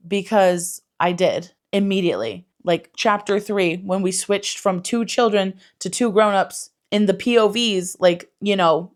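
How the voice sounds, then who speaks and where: Woman rambling about a book she didnt like, swears a lot, says like constantly, normal pitch. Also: a little slow, few pauses. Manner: animated, swears, lots of "like" fillers. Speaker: book reviewer. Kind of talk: casual chatty book review.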